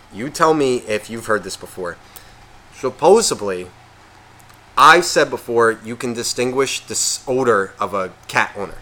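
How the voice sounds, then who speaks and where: A man's voice: mid-range voice, sharp tone. A man co-hosting a podcast, ranting in a casual, profane way and acting out imagined voices. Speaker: podcast co-host.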